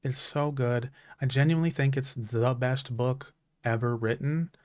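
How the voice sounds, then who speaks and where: A streamer in his thirties has a mid-range, darkish voice with a steady tone, going a little slowly in a studio-quality recording with no echo. His casual chat is sincere and heartfelt, about stories that matter to him, with lots of restarts.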